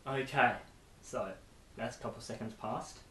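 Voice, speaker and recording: A man's voice: mid-range voice, fairly even intonation, moderate pace, bright, forceful tone. Chatty young man in an echoey room. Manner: chatty, rambling, self-deprecating asides. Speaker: vlogger. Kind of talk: casual chat to camera. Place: bedroom with posters. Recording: echoey room with faint hiss.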